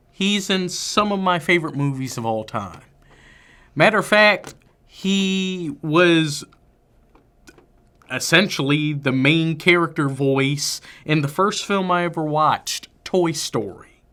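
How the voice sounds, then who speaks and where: A man co-hosting a film review podcast, chatting casually and giving opinionated, emphatic takes. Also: fairly high pitch. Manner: animated, opinionated, drawn-out emphasis. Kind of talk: casual movie review chat.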